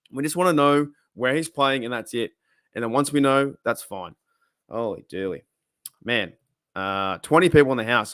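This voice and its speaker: A man's voice: medium pitch, fairly bright tone, dry recording, clean studio sound. An Australian man hosting a casual live stream, rambling and chatting while reading viewers' comments aloud. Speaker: livestream host.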